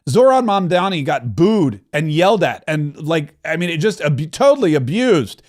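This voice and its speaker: A man's voice: a little high, very animated, normal speed, darkish tone. A middle-aged man hosting a political talk show, delivering an emphatic, rambling monologue and correcting himself as he goes. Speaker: political commentary host.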